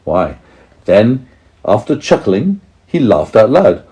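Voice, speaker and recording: A man's voice: sits low, very animated, a little slow, warm tone. A man reading a children's story aloud to his young child, patiently stopping to explain words.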